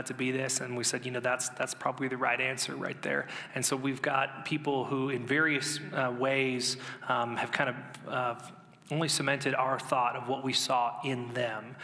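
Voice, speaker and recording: Man, pastor, relaxed, encouraging, church stage, long hall reverb. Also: medium pitch. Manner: relaxed, encouraging, casual fillers. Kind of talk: church announcement.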